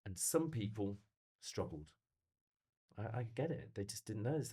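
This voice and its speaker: Lively low-voiced man. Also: measured pace, pauses often, slightly rough. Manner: animated, storytelling, asks rhetorical questions. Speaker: motivational speaker. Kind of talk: conversational podcast chat.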